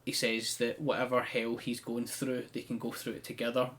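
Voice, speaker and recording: A man's voice: medium pitch, completely flat delivery, normal speed, fairly bright tone. A man, casually recapping events on a podcast with frequent "um" and "like". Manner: chatty storyteller with frequent "um" and "like". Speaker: podcast co-host. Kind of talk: casual chat, recapping a wrestling show.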